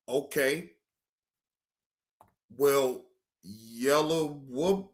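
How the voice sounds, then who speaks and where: A man's voice: fairly high pitch, bright, forceful tone. A man hosting a reaction video, drawling and mocking, often laughing as he comments. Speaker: reaction channel host.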